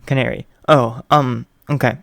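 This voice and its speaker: A man's voice: medium pitch, fairly even intonation, moderate pace, gravelly, a bit bright, no echo, studio quality. A man voicing a shy, flustered teenage boy who stammers nervously. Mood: stammering.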